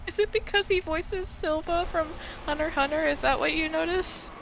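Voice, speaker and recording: A woman's voice: very high voice, normal speed, gravelly, a bit bright, slight background noise, low-quality recording. A woman in casual chat on a stream, blunt, swearing, and laughing often.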